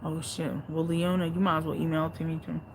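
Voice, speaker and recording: A woman delivers flat, fast commentary on her casual livestream as she reads viewer comments aloud. She reacts bluntly and swears heavily, going from quiet muttering to loud outbursts, with a noisy background behind her.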